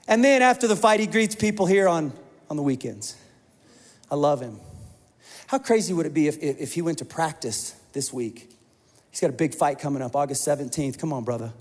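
A man preaching a sermon as pastor, an animated storyteller who acts out the quoted voices. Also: fairly high pitch, a little fast. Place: church hall. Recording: long hall reverb.

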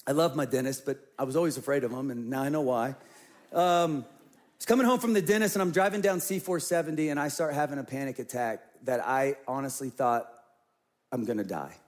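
A man's voice: mid-range voice, brisk. A middle-aged man, a pastor, telling an earnest personal story in a sermon and acting out his own past words.

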